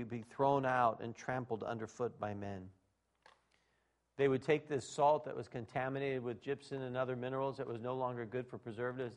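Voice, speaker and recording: A man preaching a sermon to his congregation in an animated, folksy way, with speech and shouted exclamations. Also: medium pitch. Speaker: pastor.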